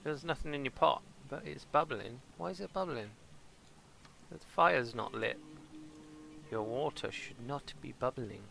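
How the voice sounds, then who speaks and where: A British man with a gravelly, bright voice rambling casually over his gameplay stream. He chats to the characters on screen as if they can hear him, with a faint hum of noise behind. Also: mid-range voice, expressive, unhurried. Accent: British English. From England. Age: adult with a son. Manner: chatty, rambling, talks to game characters. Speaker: gaming streamer. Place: home streaming setup with green screen.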